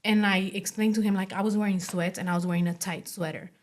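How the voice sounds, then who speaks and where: A woman's voice: medium pitch, steady tone, quick pace. A woman in her late twenties, a podcast guest, telling her story casually with lots of "like" and acted-out quotes. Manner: chatty, fills speech with "like", acts out quoted dialogue.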